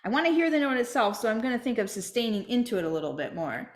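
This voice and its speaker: A woman's voice: a little high, big pitch swings, quick pace, roomy sound. A woman teaching a flute masterclass, explaining step by step and checking in with "right?".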